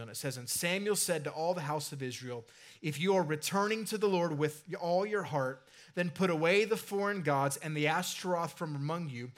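Conversational man preaching a sermon. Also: on the high side. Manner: conversational, with asides and filler uhs. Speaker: pastor.

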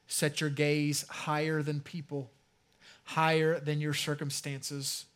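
A man preaching a sermon as a pastor in a conversational way, slowing right down to stress key phrases and trailing off softly at the ends. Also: a little high, monotone, clean tone.

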